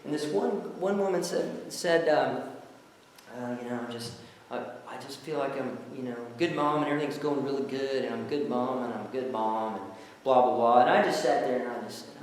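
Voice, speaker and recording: A man, a former jail minister, telling animated stories to an audience and acting out the people he quotes. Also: medium pitch, fairly quick. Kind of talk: storytelling talk to an audience. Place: church hall. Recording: echoey hall, from far off.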